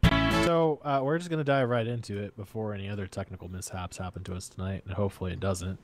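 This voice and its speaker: A man's voice: on the low side, steady tone, fast talker, over music. A man hosting a casual podcast over a voice-chat call from home, joking and laughing often at his own mishaps. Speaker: podcast host.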